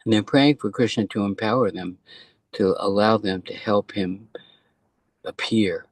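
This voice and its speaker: A man with a very deep voice speaks softly and meditatively about devotion. The sound is dry and close. He talks slowly and calmly. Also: no room sound. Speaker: speaker in class. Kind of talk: devotional talk.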